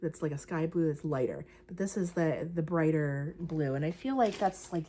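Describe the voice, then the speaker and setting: A woman's voice: sits low, expressive, normal speed, warm tone, slight background noise. A young woman talking casually about her crochet project, chatty and rambling, with lots of fillers. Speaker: crochet vlogger. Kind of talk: casual craft vlog chat.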